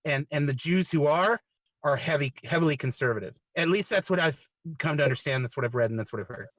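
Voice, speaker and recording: A man with a fairly high, bright, tense voice who stumbles through his questions, repeating words and hedging. The sound is dry and close, with no room echo. He speaks as a casual podcast host. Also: animated, fast talker. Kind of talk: casual chat, asking questions.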